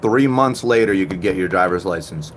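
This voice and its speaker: A man in his thirties from Puerto Rico, chatting and joking with viewers on a live stream, jumping from loud outbursts to low mutters. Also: lively intonation, brisk, a little hiss or hum. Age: 30s. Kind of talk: casual live-stream chat.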